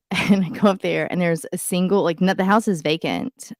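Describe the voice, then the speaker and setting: A woman chats on a podcast, rambling through stories full of fillers. Her voice sits on the low side. The sound is close and dry. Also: steady tone, normal speed, no echo. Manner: chatty storyteller, lots of "like" and "um". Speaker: podcast co-host. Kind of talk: casual chat.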